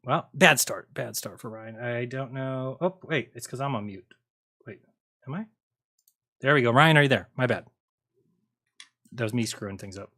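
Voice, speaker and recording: A man hosting a call-in livestream in a relaxed, rambling way, reading viewer comments aloud between tasks. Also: mid-range voice, normal speed, long pauses. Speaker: livestream call-in show host. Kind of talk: casual livestream chat.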